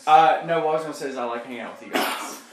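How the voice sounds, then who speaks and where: A man's voice: medium pitch, racing. A young man hosting a casual podcast among friends, giggly and goofy, trailing off and laughing. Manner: giggly, goofy, breaks into silly singing. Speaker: podcast host. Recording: echoey room with music behind.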